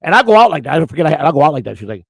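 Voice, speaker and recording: Gravelly fast-talking storytelling man. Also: on the high side. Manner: loud, outspoken, animated storyteller. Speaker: morning show co-host. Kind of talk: casual storytelling chat.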